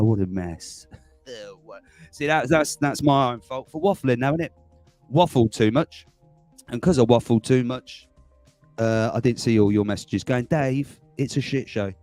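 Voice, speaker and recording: A man's voice: mid-range voice, darkish tone, no echo. A middle-aged man hosting a casual livestream from home, rambling, chuckling often and greeting chat viewers by name. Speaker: livestream host. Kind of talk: casual live-stream chat. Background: faint background music.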